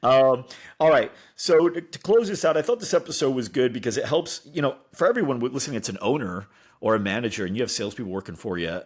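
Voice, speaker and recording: A man's voice: medium pitch, animated, fast talker, hardly any pauses, breathy edge. A man from the United States hosting a podcast, chatting casually and laughing often. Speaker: podcast host.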